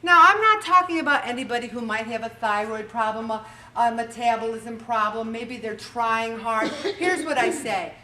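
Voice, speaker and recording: A woman in her forties hosting a motivational weight-loss talk, animated and acting out little scenes as she goes. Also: fairly high pitch, normal speed, hardly any pauses, recorded from a distance, slight background noise. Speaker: weight-loss show host.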